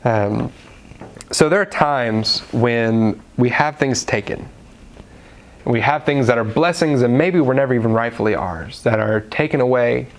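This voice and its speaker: A man's voice: medium pitch, moderate pace. A man giving a daily devotional sermon in a conversational way, with fillers, acting out quoted voices now and then. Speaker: preacher.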